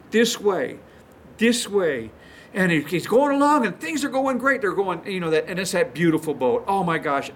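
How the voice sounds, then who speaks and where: A man's voice: high-pitched, fairly bright tone, slight background noise. A male pastor teaching a sermon, retelling stories in a folksy, chuckling way.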